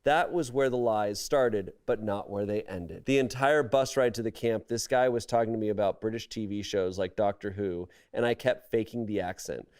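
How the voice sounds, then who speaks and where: A man's voice: on the low side, moderate pace, hardly any pauses, darkish tone, clean tone. A man hosting a casual comedic podcast, reading online stories aloud and adding wry, amused remarks. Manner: wry, amused commentary between read passages.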